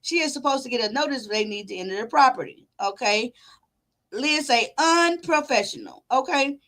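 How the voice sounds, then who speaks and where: A woman's voice: sits high, animated, moderate pace, fairly bright tone. A woman hosting a commentary channel, reading viewer comments aloud and giving her own take in a casual, conversational way. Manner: casual, talks things through with her viewers.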